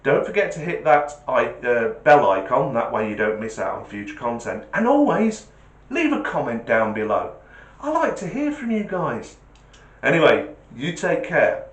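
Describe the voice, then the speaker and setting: A man's voice: medium pitch, sing-song, normal speed. A man hosting a vlog, talking casually and homely, telling a joke. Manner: chatty, homely, repeats sign-off requests. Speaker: vlogger. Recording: roomy echo.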